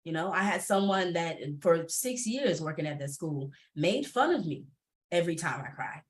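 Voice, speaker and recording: A woman speaking candidly on a panel, expressive, laughing often, her pitch jumping when she gets animated. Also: moderate pace. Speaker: panelist entrepreneur.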